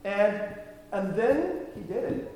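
A man's voice: high-pitched, big pitch swings, takes it slowly, darkish tone. A man preaching a sermon in a conversational, emphatic way, often checking in with the congregation. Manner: conversational, emphatic, frequent tag questions. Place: church sanctuary. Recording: echoey hall from far off.

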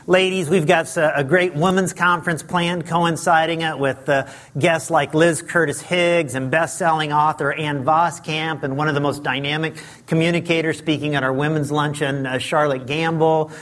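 A man with a high, light voice preaching as a guest pastor, chatty and self-deprecating, with many fillers. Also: fairly even intonation, normal speed, hardly any pauses, fairly bright tone. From Southern California. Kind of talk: sermon. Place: church sanctuary.

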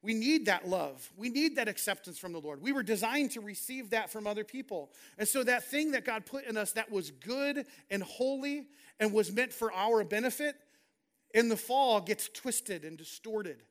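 A man's voice: high voice, expressive, normal speed, a bit bright. A man preaching a sermon as a pastor, reading scripture and paraphrasing it in an earnest, conversational way.

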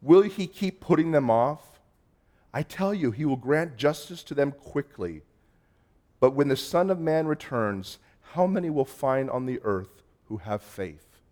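A man preaching a sermon as pastor, moving between loud emphasis and hushed, quiet passages and acting out quoted voices. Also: medium pitch, expressive, unhurried.

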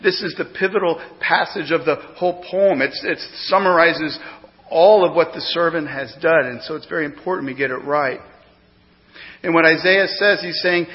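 A pastor with a fairly high male voice delivers a sermon at normal speed in a church sanctuary, preaching emphatically and swinging between loud and hushed. The recording is dull and lo-fi, with long hall reverb.

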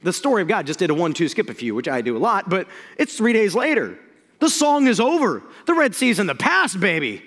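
A man preaching a sermon, energetic and jokey, swinging from loud excitement to hushed lines. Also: sits high, a little fast, in a large hall. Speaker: pastor.

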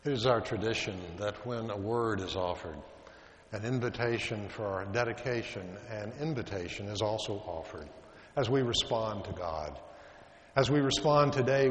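Pastor guy preaching slow, sighs a lot between lines, big echoey church. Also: on the low side, fairly bright tone, a little hiss or hum. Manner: slow, measured preaching with long sighing pauses. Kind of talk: sermon. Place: church sanctuary. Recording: long reverb of a large church.

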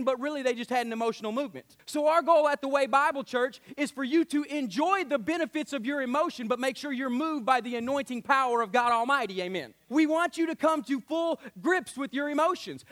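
High-voiced preaching man. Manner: animated preaching with put-on whiny voices and frequent amens. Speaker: pastor. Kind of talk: sermon. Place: church sanctuary.

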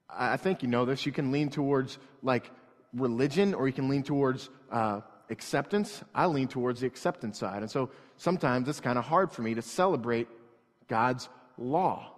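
A male pastor preaching to a congregation in an earnest, conversational way, often restarting phrases and moving between quiet asides and raised, emphatic passages. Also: mid-range voice. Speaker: church plant pastor. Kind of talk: sermon. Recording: long hall reverb.

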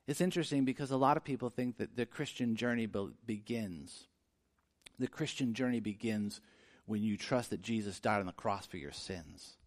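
A man preaching a sermon, earnest and conversational, moving from quiet reflection to emphatic, rising delivery. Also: mid-range voice, expressive, moderate pace. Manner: conversational with frequent restarts. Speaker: pastor.

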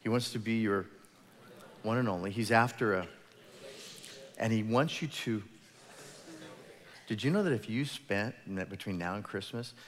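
Low-voiced pastor preaching in a hall. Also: male voice, normal speed, long pauses. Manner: casual storytelling, retells scripture in everyday words. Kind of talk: conversational sermon.

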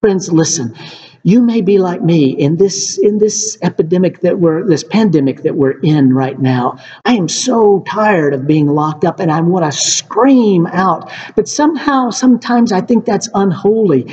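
A man's voice: high voice, animated, measured pace, darkish tone. A man preaching a sermon in an earnest way, often calling his listeners friends. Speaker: pastor. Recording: dull reverberant hall recording.

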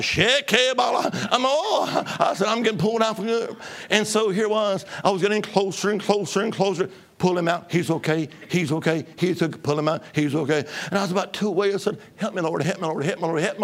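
High-voiced preacher shouting his testimony. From Alabama. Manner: shouting, exuberant, bursts of tongues. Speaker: evangelist. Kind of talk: testimony sermon.

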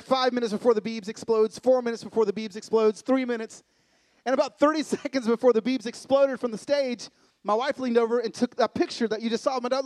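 A middle-aged man giving a sermon-style talk from a live event stage, swinging from excited loud bursts to hushed, intimate lows. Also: no echo. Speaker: conference speaker.

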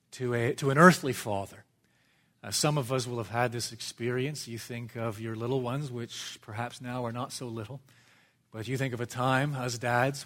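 A middle-aged man delivers a sermon in a church. He speaks in a measured, earnest way, lifting his voice for emphasis and sinking to soft, low asides. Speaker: preacher.

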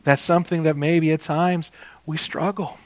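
A man preaching a sermon, slow and emphatic, repeating key phrases and calling his listeners "guys". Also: fairly high pitch, flat delivery, dry recording.

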